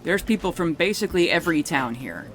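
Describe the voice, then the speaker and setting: A man's voice: fairly high pitch, expressive, fast, background noise. A man narrating a tabletop game as game master, casual and rambling, swearing freely.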